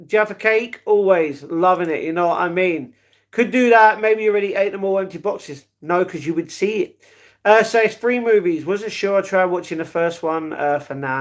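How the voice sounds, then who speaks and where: A young man on a live stream, chatting casually with viewers and reading their comments aloud, calling them darling and mate. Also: high voice.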